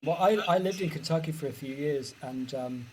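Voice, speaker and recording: A man's voice: a little high, a little fast, a little mellow, a little hiss or hum, rough recording. Musing British man, curious and keen. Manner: curious, musing, enthusiastic about language. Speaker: author guest. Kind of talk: casual interview answers.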